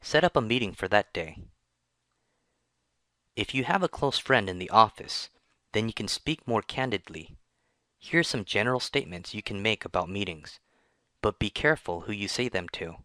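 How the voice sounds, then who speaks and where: A man narrating a scripted English lesson, reading in a slow, even and careful way. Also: fairly low pitch, dry recording. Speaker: English teacher.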